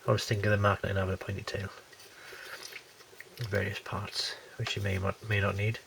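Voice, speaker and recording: A man reviewing a model kit in a low, gravelly voice, wandering through his thoughts with fillers and false starts. He is still getting over a cold. The home recording has a steady hiss of noise behind it. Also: a little fast. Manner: rambling, hesitant with many fillers and restarts. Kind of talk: casual unboxing commentary.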